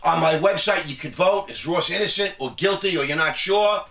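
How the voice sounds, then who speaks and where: A man's voice: a little high, moderate pace, vocal fry, a bit bright, echoey room, recorded from a distance. A middle-aged man hosting his own show, talking to camera in a boastful, joking way and laughing at his own lines. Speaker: online show host. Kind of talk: casual monologue to camera. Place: television studio.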